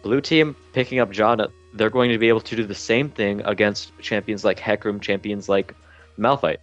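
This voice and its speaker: A man's voice: fairly low pitch, lo-fi sound. A man casting a live esports match, often tripping over his words and restarting sentences. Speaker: esports caster.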